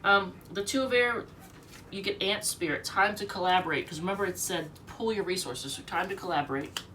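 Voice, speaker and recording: A woman's voice: mid-range voice, fairly quick, bright, forceful tone, far from the mic, slight background noise. A sick, short-of-breath woman giving a rambling, chatty tarot reading at home, reading the card meanings aloud. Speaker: tarot reader.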